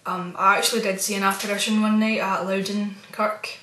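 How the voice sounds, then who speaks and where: Talking a little fast in a level, mid-range voice, this woman wanders through a spooked account of her experiences in a casual vlog. Her chatty delivery is broken up by quiet, nervous asides, and there's slight background noise along with a roomy echo.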